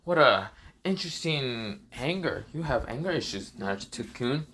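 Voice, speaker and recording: A man voicing a sneering, snake-like male villain who taunts slowly and drags out his words. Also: mid-range voice, expressive, fairly bright tone. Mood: taunting.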